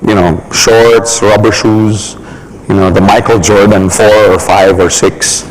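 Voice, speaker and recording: A man giving a motivational business talk, laughing often and acting out quick examples in funny voices. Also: lowish voice, steady tone, a little hiss or hum, rough recording. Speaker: business trainer.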